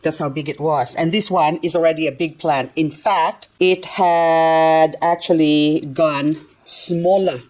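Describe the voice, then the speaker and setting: Talkative older lady, slightly low voice, giggly garden chat. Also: steady tone, unhurried, hardly any pauses, darkish tone, rough recording. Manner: chatty and giggly, talks nonstop. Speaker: gardening vlogger. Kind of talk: casual chat while working.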